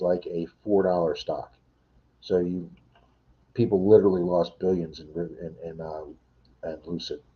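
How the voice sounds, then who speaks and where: Middle-aged man, very deep voice, casual livestream chat, muffled lo-fi sound. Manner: rambling, reads and answers viewer chat. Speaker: livestream host. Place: home.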